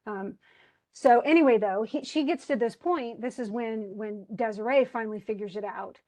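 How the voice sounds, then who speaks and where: A woman teacher walks her class through a short story in a loose, conversational way. She restarts her sentences often and leans on fillers as she thinks aloud. Her voice sits fairly high. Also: moderate pace, darkish tone, poor audio. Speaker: college English teacher. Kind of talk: literature lecture.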